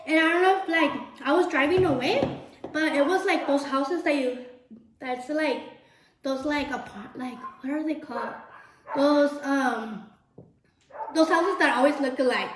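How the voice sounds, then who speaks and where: A young woman with a high, bright voice spins a story as she cooks in her kitchen. She talks fast and loose, animated and chatty, with plenty of swearing. Her voice bounces around a roomy space with a noticeable echo. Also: background noise. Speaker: vlogger. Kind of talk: casual storytime while cooking.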